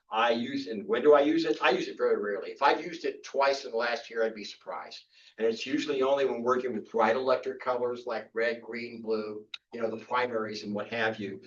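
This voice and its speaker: A man's voice: mid-range voice, slight background noise. Rambling older man teaching a photo club. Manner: chatty, rambling, many restarts and fillers. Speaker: photography instructor. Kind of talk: casual workshop lecture. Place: club meeting room. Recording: distant, dull room recording.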